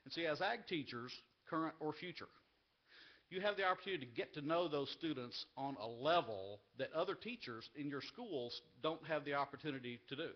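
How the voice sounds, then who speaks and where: A man's voice: on the high side, animated, brisk, highs cut off. A man leading an agricultural education group gives an earnest, heartfelt speech at a live university event. He gets emotional and repeats phrases for emphasis. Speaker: agricultural education association leader giving a speech.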